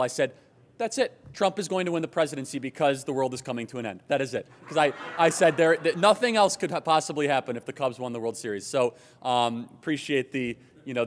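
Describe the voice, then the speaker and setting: A young man from Chicago giving an animated, joking and emphatic political speech at a conference. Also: mid-range voice. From Chicago, USA. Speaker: conference speaker. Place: large hotel conference hall. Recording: long hall reverb.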